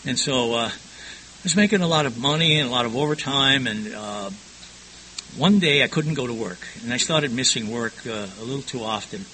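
A man's voice: medium pitch, moderate pace, bright, forceful tone, slight background noise, low-quality recording. An older man frankly recounting his past in a rambling personal testimony, often stumbling and repeating words.

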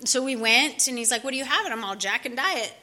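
A woman's voice: on the high side, expressive, fast talker, sharp tone. A woman telling her personal recovery story to a group, conversational, with many fillers and restarts. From California. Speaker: speaker sharing recovery story.

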